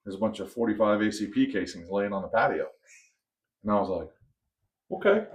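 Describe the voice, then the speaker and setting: A man's voice: lowish voice, quick pace. A man co-hosting a podcast, telling a long story in a casual way and acting out the voices of the people in it. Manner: animated storyteller, acts out quoted voices. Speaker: podcast co-host.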